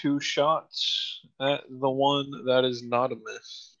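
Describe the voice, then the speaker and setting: A man's voice: medium pitch, level tone, takes it slowly, a bit bright, no echo, lo-fi sound. A man playing a tabletop game, casually calling out his dice rolls. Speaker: player.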